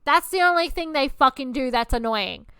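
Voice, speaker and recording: A woman hosting a podcast, ranting in a heated, foul-mouthed, emphatic way. Her voice sits high and sounds bright and sharp, recorded dry with no room sound. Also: animated, moderate pace, no echo. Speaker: podcast host. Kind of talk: ranting monologue.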